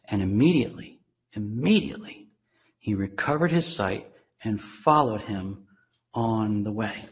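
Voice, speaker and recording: A man's voice: lowish voice, animated, unhurried. A man preaching a sermon as pastor, earnest and emphatic, repeating words for stress. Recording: dull lo-fi recording.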